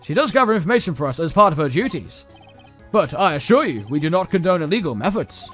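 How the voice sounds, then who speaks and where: A snooty, wordy British CEO villain, loud and full of himself. A man acts him out with a raised, lively voice that swoops about, over faint music. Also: fairly high pitch, quick pace. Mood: smug. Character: pompous rich male CEO villain, arrogant. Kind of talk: game playthrough voice acting.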